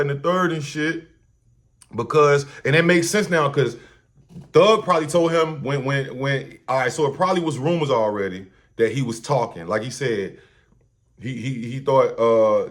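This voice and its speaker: A man hosting a reaction show, talking casually and rambling in loose slang and swearing. He stumbles and repeats himself as he thinks out loud, in a voice pitched right in the middle. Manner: loose, slangy and profane, repeats and restarts often. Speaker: host.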